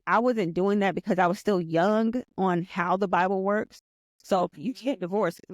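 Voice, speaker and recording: A woman in her forties, a podcast guest, telling a personal story in an earnest, animated way, often repeating herself and restarting sentences. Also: lowish voice, dry recording. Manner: earnest and animated, reliving events aloud.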